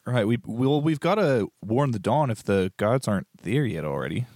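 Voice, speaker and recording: A man's voice: medium pitch, big pitch swings, moderate pace, a little mellow, no echo, studio quality. A man playing a tabletop game, casual and stammering. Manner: casual, stammering, laughing often. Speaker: player.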